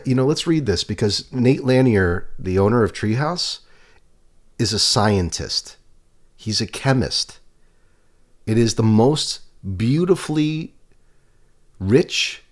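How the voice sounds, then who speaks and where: A middle-aged man talking casually at home in a rambling, chatty vlog. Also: mid-range voice. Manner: relaxed, chatty, drifts between topics. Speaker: vlogger. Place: home, children heard nearby.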